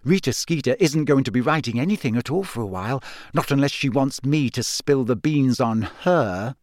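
A man reading aloud and voicing a clever, eager teenage schoolgirl who speaks briskly and knowingly. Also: mid-range voice, expressive, dry recording, studio quality, lightly acted.

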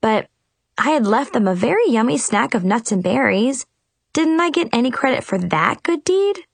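Woman reading a storybook in first person, bouncy animated voice, dry close mic. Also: a little high, moderate pace, vocal fry, husky, no echo. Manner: animated, expressive, chatty. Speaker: audiobook narrator.

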